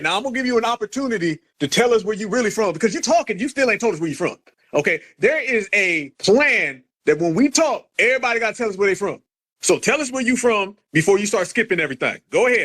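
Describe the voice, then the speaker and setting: A man hosting a heated live audio chat, loudly mocking and ordering callers around. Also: sits high. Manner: loud, mocking, commanding, drawls for emphasis. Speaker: host.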